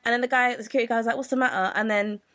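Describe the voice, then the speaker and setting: Young woman, podcast co-host, casual storytelling, animated. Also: a little high, racing. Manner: animated, acts out the people in her story.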